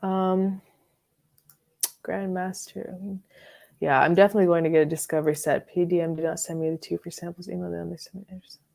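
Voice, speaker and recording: Giggly woman rambling on a live stream, lots of likes and ums, kinda low voice. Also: little pitch movement, fast, vocal fry, warm tone. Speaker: fragrance reviewer and live stream host. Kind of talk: chatty live stream talk. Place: her bedroom.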